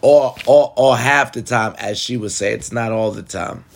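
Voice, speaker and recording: Speaking directly to viewers, a man gives relationship advice in a casual monologue that's blunt, profane, and talkative. His voice is gravelly, medium-pitched, and moderately paced.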